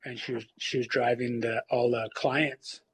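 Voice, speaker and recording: A man in recovery telling his personal story in a halting, reflective way, with many fillers and restarts. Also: mid-range voice, little pitch movement, slight background noise, low-quality recording. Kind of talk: personal testimony.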